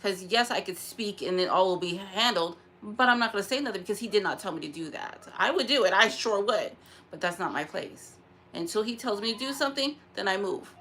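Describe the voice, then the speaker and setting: A woman's voice: mid-range voice, animated, brisk, pushed and bright, a little hiss or hum. A woman talking to her vlog camera in a frustrated, upset rant, sighing and repeating herself, close to tears at times. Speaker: vlogger.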